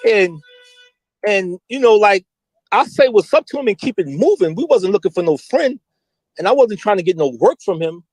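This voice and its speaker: High-voiced slangy New man. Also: moderate pace, breathy edge, dry recording, rough recording. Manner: animated, slangy, mimics voices when quoting. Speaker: interview guest. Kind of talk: candid street storytelling.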